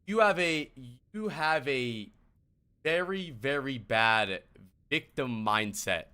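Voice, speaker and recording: Exasperated young streamer with a bright voice. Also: male voice, mid-range voice, animated, slow, clear, resonant tone. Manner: exasperated, rambling, profane, many restarts. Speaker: streamer and game coach. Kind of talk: casual stream talk.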